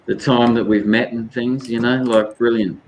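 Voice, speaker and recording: A man's voice: mid-range voice, fairly even intonation, moderate pace, a little mellow, a little hiss or hum, low-quality recording. A man chatting casually as a comic creator, effusive and jokey, laughing often. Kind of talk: casual video chat.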